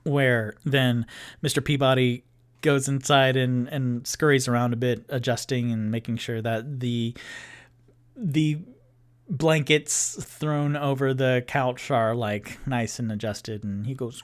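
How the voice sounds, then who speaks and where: A man runs a one-person tabletop game on a livestream, narrating slowly and loosely. He stops often on fillers and restarts his sentences as he works out the scene. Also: medium pitch, steady tone. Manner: meandering, filler-heavy narration. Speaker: game master playing solo.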